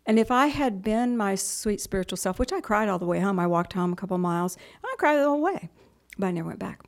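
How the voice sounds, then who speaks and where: Speaking fast with some vocal fry, this middle-aged woman is a spiritual teacher giving a talk to a group. Her mid-range voice keeps a fairly even intonation as she chats and tells stories, voicing other characters and whispering softly on important points.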